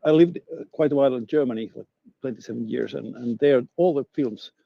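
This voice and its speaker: Gravelly man, dull line. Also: medium pitch. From Finland. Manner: halting, searching for words. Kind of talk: casual chat.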